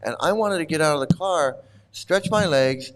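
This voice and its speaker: A man's voice: on the high side, animated, moderate pace, slight background noise. Rambling man telling a story, laughing. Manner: rambling, laughing often, restarting sentences. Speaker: host. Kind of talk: casual storytelling to a live chat.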